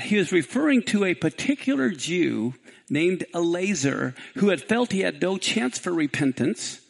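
A man's voice: very high voice, gravelly, breathy edge, poor audio. A man preaching a sermon, telling a parable with dramatic rising pleas and reading scripture aloud. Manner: dramatic storytelling, voice rising to near shouts on quoted pleas.

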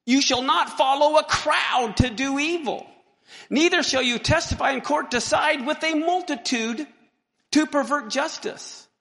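Animated joking pastor, man, gravelly voice, preaching in a reverberant sanctuary. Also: very high voice, unhurried. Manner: animated, joking, exclaims and laughs often. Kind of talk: sermon. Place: church sanctuary. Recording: long hall reverb.

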